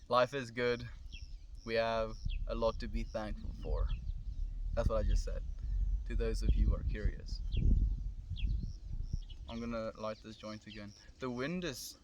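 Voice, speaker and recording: A man's voice: on the low side, fairly even intonation, unhurried, pauses often, slight background noise. A man with a South African accent, musing aloud in a loose, thoughtful livestream monologue, recorded outdoors on a camera mic. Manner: musing, loose and thoughtful, drifting between ideas. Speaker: streamer. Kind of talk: casual reflective livestream monologue. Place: outdoors in the country.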